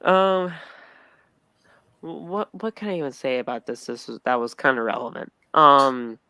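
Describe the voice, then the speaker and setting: Bright, crisp-voiced man rambling a recap. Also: medium pitch, lively intonation, moderate pace, no echo. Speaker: podcast co-host recapping wrestling. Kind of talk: casual podcast chat.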